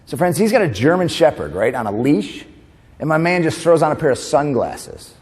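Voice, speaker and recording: A man from New York doing a stand-up comedy keynote at a conference, animated, tossing in quick asides and laughing at his own jokes. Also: a little high. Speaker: comedian and motivational speaker. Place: conference hall stage. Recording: long hall reverb.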